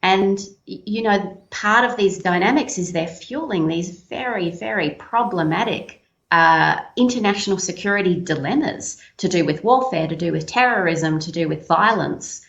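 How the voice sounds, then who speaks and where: A woman speaking as a guest, explaining social dynamics in a measured, analytical way. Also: on the low side, gravelly, a bit bright, reverberant, muffled recording. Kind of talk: analytical commentary.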